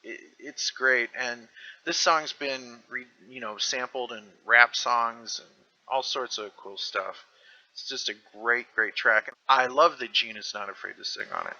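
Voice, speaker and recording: A man's voice: mid-range voice, measured pace. A man on a podcast panel, speaking enthusiastically about a favorite song. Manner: warmly enthusiastic. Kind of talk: casual panel chat about music. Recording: slightly dull, lo-fi sound.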